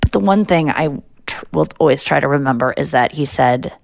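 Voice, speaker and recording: A woman podcast host in casual chat, telling stories in an animated way and acting out what others said. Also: low voice, brisk, creaky, no echo, clean studio sound. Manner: animated storytelling, quoting others in raised voices.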